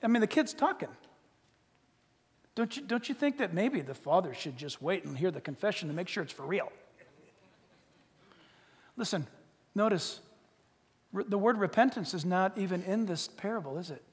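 Brief: high-pitched male preacher, dramatic and animated, with a long sanctuary reverb. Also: normal speed, long pauses, husky. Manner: animated storyteller, swinging from loud to hushed. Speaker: pastor. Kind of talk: sermon.

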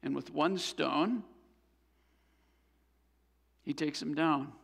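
A man's voice: on the high side, extremely slow, creaky, fairly bright tone, long reverb tail. A man preaching a sermon as pastor, earnest and building to fervent exhortation. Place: church sanctuary.

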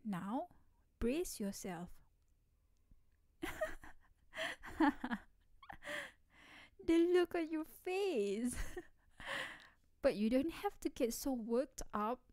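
A woman's voice: sits high, very animated, very slow, long pauses, a little mellow, dry recording, clean studio sound. A woman as a teasing tomboy best friend. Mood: playful. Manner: teasing, playful, laughs often. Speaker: ASMR voice actress. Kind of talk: ASMR role-play.

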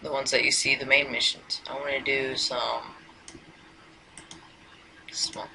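A man narrating a video game in a slow, unhurried drawl, rambling and hesitant, with a mumbled whisper slipping in now and then. His desk mic picks up steady hiss and mouse clicks. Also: medium pitch, gravelly. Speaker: gameplay commentator. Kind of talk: casual let's-play commentary.

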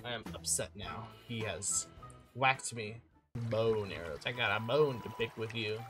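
Rambling young man over loud game music. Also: on the low side, unhurried. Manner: rambling, self-mocking, swings between mumbling and loud outbursts. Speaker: gaming YouTuber. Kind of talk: casual gameplay commentary.

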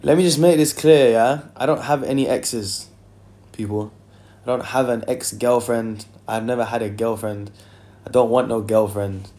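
A man's voice: mid-range voice, steady tone, moderate pace. A young man, chatting casually on a phone livestream and reading out viewer comments in a loose, filler-heavy way. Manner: loose and chatty, many fillers, sings softly in between. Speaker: singer hosting a livestream.

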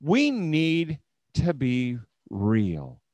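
A middle-aged man with a mid-range, darkish voice speaks very slowly, his pitch swooping wildly, with no echo. At a homeschool leaders' event he gives a conversational conference talk, telling stories and acting out quotes.

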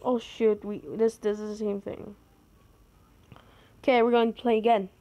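A woman giving gameplay commentary, excitable, with sudden high outbursts. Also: moderate pace, lo-fi sound. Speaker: gamer.

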